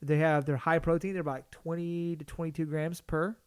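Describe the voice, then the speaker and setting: A man's voice: on the high side, little pitch movement, a little fast, clear, resonant tone, no echo, studio quality. A man co-hosting a casual podcast, rambling through his thoughts with many restarts. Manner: rambling, full of restarts and fillers. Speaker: podcast co-host.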